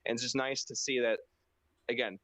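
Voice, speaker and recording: A man co-hosting a casual wrestling podcast, talking in a loose, profane way and acting out reactions in high mock voices. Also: steady tone, brisk, pushed and bright, dry recording. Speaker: podcast co-host.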